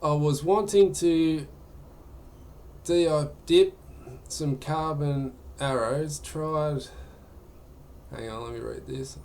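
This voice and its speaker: A man's voice: fairly high pitch, takes it slowly, pauses often, darkish tone, a little hiss or hum. A man chatting casually during a live gaming stream, answering viewer questions in a rambling way.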